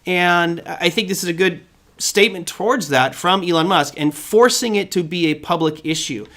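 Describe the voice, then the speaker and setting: A man's voice: sits high, moderate pace, fairly bright tone. A middle-aged man hosting a live trading show, giving casual market commentary, thinking aloud and reading viewer comments.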